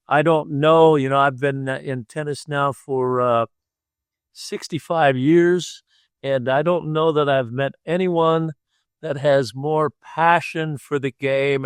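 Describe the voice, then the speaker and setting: An older man co-hosting a podcast interview, effusive in his praise and halting, with many pauses. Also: mid-range voice, clear, resonant tone, no room sound, studio quality. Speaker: podcast co-host. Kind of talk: casual interview chat.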